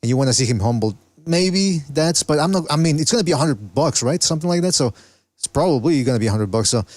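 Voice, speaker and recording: A man's voice: fairly high pitch, expressive, quick pace, a little mellow, no room sound. A man hosting a casual call-in boxing podcast, laid-back and hesitant, often searching for words. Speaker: podcast host. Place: Canada.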